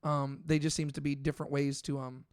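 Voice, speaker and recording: A man co-hosts a laid-back scripture discussion, working through his ideas out loud with frequent fillers and self-corrections. His voice sits a bit higher than most men's, and the sound is close and dry with no room around it. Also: flat delivery, fairly quick, smooth, dry recording. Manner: thinks aloud with many fillers and restarts. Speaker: podcast co-host. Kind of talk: casual Bible discussion.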